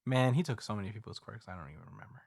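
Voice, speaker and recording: A man's voice: fairly low pitch, gravelly, slightly rough, dry recording, clean studio sound. A man co-hosting a podcast, casually recapping a comic chapter and laughing easily. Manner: relaxed storytelling, quick to laugh. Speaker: podcast co-host.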